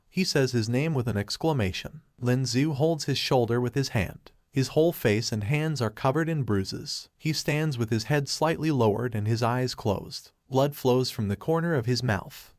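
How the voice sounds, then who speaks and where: A man narrating a comic recap in a steady, scripted present-tense retelling. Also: mid-range voice, no room sound, studio quality.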